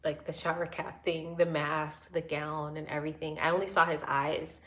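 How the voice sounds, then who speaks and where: Low-voiced woman telling her birth story. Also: level tone, normal speed, a bit bright. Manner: earnest and reassuring, with frequent fillers. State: emotional, close to tears. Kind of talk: personal storytelling to camera.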